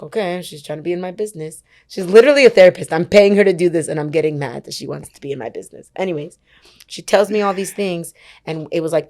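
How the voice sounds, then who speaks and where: A young woman in her twenties, a worship leader guest on a podcast, telling a personal story in casual chat and acting out what other people said. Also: fairly low pitch. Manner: animated storyteller who acts out quoted dialogue; chatty, uses many fillers like "like" and "whatever".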